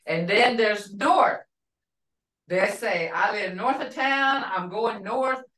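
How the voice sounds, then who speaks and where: An older woman teaching a language class, telling a family story in a rambling, warm-hearted way with restarts. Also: medium pitch, slow, distant mic. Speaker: language instructor. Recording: roomy sound from off the mic.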